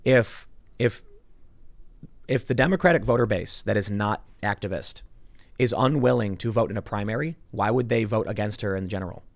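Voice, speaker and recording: A man hosting a podcast, talking politics in an animated, casual way. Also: lowish voice, moderate pace, no echo. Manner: animated, puts on voices when quoting people. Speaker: podcast host. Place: studio.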